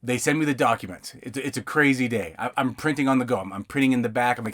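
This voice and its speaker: A man's voice: medium pitch, quick pace, few pauses. Rambling man telling stories from a van. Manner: rambling, repeats words, acts out other people's lines. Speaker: podcast host and notary. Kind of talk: casual storytelling monologue. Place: inside a van.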